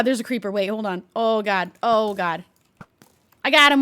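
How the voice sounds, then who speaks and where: A woman streaming a game, chatting and playing along with an unseen visitor, easily startled and quick to gasp and laugh. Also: medium pitch, bright, forceful tone, slight background noise. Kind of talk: casual gameplay commentary with light role-play.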